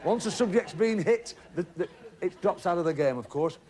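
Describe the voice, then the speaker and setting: A man's voice: sits high, lively intonation, normal speed, over a noisy crowd, very noisy. A middle-aged man hosting a TV game show in a studio, jovial and teasing, chatting with contestants. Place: TV studio with audience.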